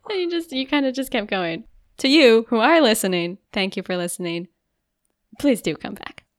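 A woman's voice: fairly high pitch, lively intonation, moderate pace, no room sound, clean studio sound. A young woman co-hosting a podcast in casual chat, talking loosely with lots of "like" fillers and easy laughs. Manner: chatty, many "like" fillers, giggly. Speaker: podcast co-host.

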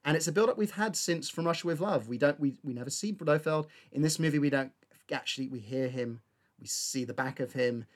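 A man's voice: fairly high pitch, fairly quick. A man co-hosting a casual film discussion, talking analytically and defending his reading point by point.

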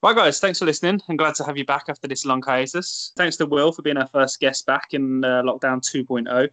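A man's voice: mid-range voice, fairly even intonation, fairly quick, sharp tone. A man hosting a casual podcast, rambling and joking. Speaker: podcast host. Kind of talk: casual chat.

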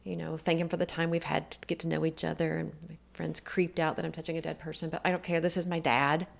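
A woman with a slightly low voice and a noticeable gravelly rasp tells a personal story. She speaks in an earnest, reflective way and voices the others in her story as she goes. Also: level tone, quick pace. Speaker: guest telling her life story.

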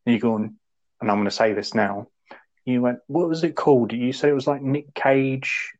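A man co-hosting a podcast, rambling casually and acting out quotes in sudden high voices. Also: moderate pace, highs cut off. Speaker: podcast co-host. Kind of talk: casual chat.

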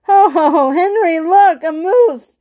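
A woman reading aloud plays an eager little boy in a children's storybook, exclaiming with excitement. The voice sits a little high and stays close to the reader's own. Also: moderate pace, muffled recording. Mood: excited.

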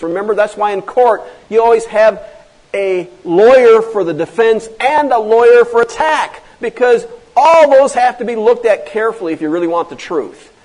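Emphatic male pastor, high-pitched, rhetorical sermon delivery. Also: a little mellow, rough recording. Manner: emphatic preaching, many rhetorical questions.

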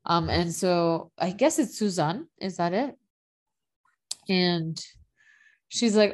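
A woman's voice: lowish voice, unhurried, a little mellow. A woman in casual chat, recapping a TV drama as a podcast co-host, talking loosely with lots of fillers and frequent laughs. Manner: chatty, filler-heavy, laughs often.

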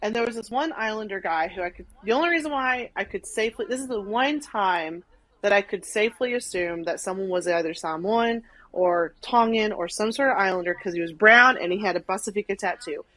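A young woman from Arkansas, a podcast guest telling a story in animated casual chat, full of "like" and acted-out quotes. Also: medium pitch, brisk, no echo, poor audio. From Arkansas, USA. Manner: animated, many "like"s, acts out quotes.

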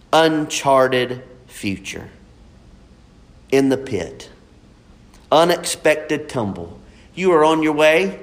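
A man preaching a sermon in a folksy, emphatic way, repeating his points. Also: a little high.

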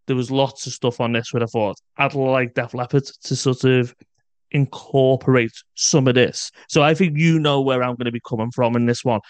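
A man's voice: mid-range voice, clean tone, no echo. A British man co-hosting a music podcast, talking casually and bluntly, swearing freely. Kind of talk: casual chat.

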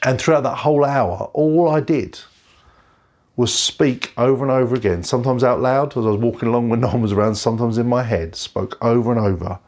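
Gravelly-voiced man preaching earnestly. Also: mid-range voice, a little mellow. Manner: earnest, heartfelt, slows down on key phrases. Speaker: pastor. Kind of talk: recorded sermon. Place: bedroom at home.

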